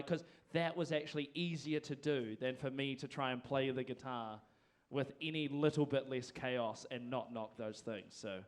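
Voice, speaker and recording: A man, hosting a live music event on a handheld mic, rambling and self-deprecating. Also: mid-range voice. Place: performing arts venue stage. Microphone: handheld microphone.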